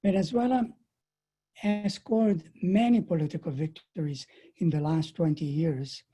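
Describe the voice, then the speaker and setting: A woman speaks slowly and deliberately at an online webinar, leaning hard on key words. Her voice is very dark and a little husky. It sounds like a computer mic on a video call. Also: low voice, low-quality recording. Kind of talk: prepared political talk.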